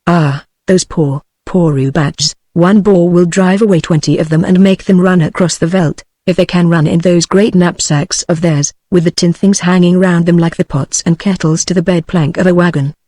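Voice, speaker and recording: A woman's voice: fairly low pitch, fairly even intonation, normal speed, few pauses, mellow, no echo, close to an everyday voice. Old Boer farmer, mournful, repetitive, read by a British-accented synthetic woman, dry sound. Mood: grumbling. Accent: British English.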